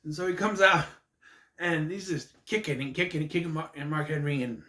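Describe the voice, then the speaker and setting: A man's voice: fairly high pitch, brisk, pushed and bright. A man rambling through a casual, jokey recap monologue with asides. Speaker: wrestling recap vlogger. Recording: echoey room.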